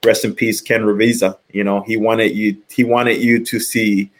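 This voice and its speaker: A middle-aged man with a low voice talks casually on a podcast. He rambles, restarting his sentences and leaning on fillers as he goes. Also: level tone, normal speed. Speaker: podcast co-host, former college pitcher. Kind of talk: casual sports chat.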